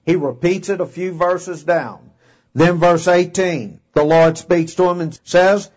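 A man's voice: sits high, fairly even intonation, a little slow, a little mellow. A man preaching a sermon in a folksy, emphatic way, reading scripture and acting out voices. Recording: dull lo-fi recording.

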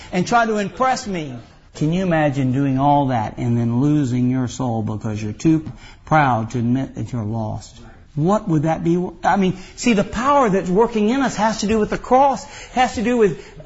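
Male pastor, high tenor, emphatic folksy sermon, dull lo-fi recording. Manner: folksy, emphatic preaching with rising outbursts.

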